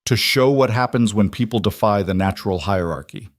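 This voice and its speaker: Sneering highborn soldier, low and dry, read by a male narrator. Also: fairly quick, no echo, natural voice. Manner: sneering, contemptuous. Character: cruel arrogant young nobleman soldier. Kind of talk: scripted storybook voice.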